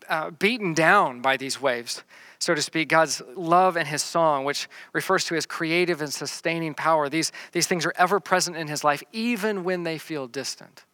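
A man with a bright, forceful voice preaches through a psalm, reading the verses slowly before explaining them. His delivery is earnest and plain, with frequent repeated words and restarts. The sound is dry and close, pitched a little high for a man. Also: no echo. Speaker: pastor. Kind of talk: sermon teaching through a psalm.

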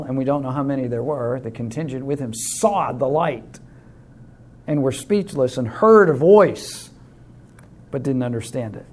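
A male teacher leads a Bible study class with a conversational, explaining manner. His voice sits somewhat higher than most men's. He leans on simple illustrations and turns often to the group. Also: darkish tone.

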